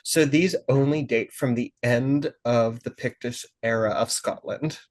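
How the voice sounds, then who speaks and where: A man's voice: medium pitch, a little slow. Man, podcast host, tipsy, casual, stumbles over words, mid-range voice. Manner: chatty, laughs easily, stumbles over words. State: a bit tipsy from drinking. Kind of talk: casual chat and read-out episode intro.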